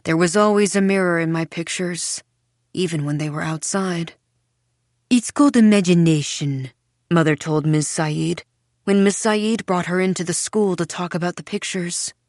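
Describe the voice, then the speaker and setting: A woman narrating a first-person audiobook in a measured storytelling manner. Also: fairly low pitch, no room sound, studio quality.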